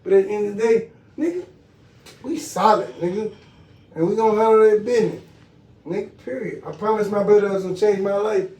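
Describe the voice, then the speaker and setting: A man's voice: sits high, fairly quick, warm tone. A grieving man on a podcast, talking raw and profane, swinging between laughing and crying with his voice breaking. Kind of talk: emotional group conversation. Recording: echoey room, mic at a distance.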